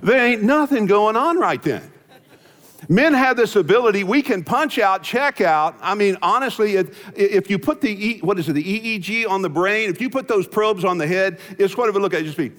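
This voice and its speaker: Older pastor preaching in a reverberant hall. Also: male voice, high voice, a little fast, hardly any pauses, fairly bright tone. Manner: folksy storytelling with jokes and asides. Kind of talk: sermon. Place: church sanctuary.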